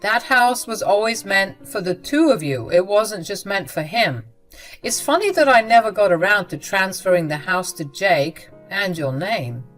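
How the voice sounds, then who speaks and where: A woman's voice: medium pitch, expressive, moderate pace, a bit bright, faint music behind, lightly acted. A woman voicing a sympathetic older father-in-law who speaks in a firm, reassuring way.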